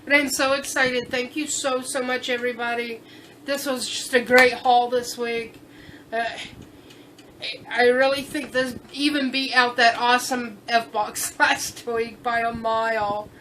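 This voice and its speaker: A tipsy woman vlogging at home, talking slowly and gushing over her haul with lots of fillers. Her high, bright voice carries over a faint hum of background noise. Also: flat delivery, rough recording. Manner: chatty, gushing, thinks aloud with fillers and restarts. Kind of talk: casual vlog chat.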